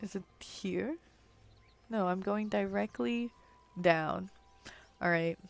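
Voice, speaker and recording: A young adult woman with a medium-pitched, gravelly voice chats slowly and casually while live-streaming a game. She rambles and fills her speech with "like."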